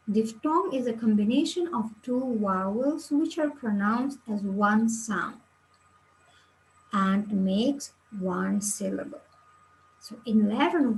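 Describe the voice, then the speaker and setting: A woman teaches Latin pronunciation at a very slow, deliberate pace, spelling out each letter's sound before reading word examples. Her voice sits at a medium pitch, recorded as a plain lesson voice-over. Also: rough recording. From Kyrgyzstan.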